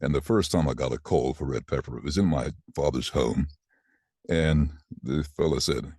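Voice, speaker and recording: Very deep husky man in his sixties. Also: normal speed, no room sound, clean studio sound. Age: 60s. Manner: animated, acts out quoted voices. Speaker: voice actor guest. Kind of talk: casual interview storytelling.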